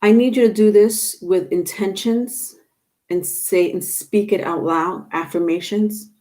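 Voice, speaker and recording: A woman's voice: medium pitch, fairly even intonation, unhurried, mellow. A woman giving a casual tarot reading to her viewers, chatty and instructive, with many fillers and restarts. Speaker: tarot reader.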